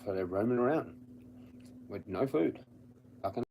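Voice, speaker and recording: An Australian man rambles on a camera-off livestream in a blunt, profanity-heavy way, laughing at his own stories. His voice sits low and dark. A faint hiss of noise runs under it. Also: lively intonation, moderate pace, creaky. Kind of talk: casual rambling livestream chat. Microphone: streaming from home with the camera off.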